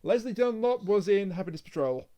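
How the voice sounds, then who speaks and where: High-voiced man, halting recap. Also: expressive, mellow, lo-fi sound. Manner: hesitant, many ums and restarts while recapping. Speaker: podcast co-host. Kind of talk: casual podcast chat.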